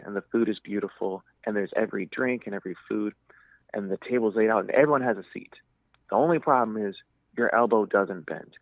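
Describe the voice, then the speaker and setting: A man with a lowish voice tells stories in a relaxed, lively way and slips into the voices of the people he quotes. The sound is thin and narrow, like a phone line, and very dry, with no room around it. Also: no echo. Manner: lively storyteller, acts out quotes. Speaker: podcast guest. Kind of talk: casual storytelling chat.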